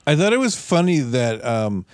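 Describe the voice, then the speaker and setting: A man in his forties co-hosting a podcast, swearing freely and acting out movie scenes in quick voices. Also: mid-range voice, dry recording, studio quality. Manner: profane, animated, acts out scenes in voices. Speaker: podcast co-host. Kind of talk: casual movie chat.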